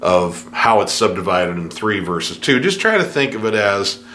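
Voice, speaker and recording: A man teaching a piano lesson, scatting rhythms in nonsense syllables to show the feel, relaxed and easygoing. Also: lowish voice, moderate pace, slight background noise. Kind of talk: music lesson with spoken rhythm demos.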